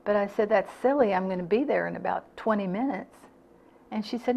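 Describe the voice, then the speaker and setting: In lo-fi audio, a creaky, darkish, mid-range female voice speaks at a moderate pace. She's an older woman at a club talk, earnestly recounting her own stories and performing the quoted dialogue of others.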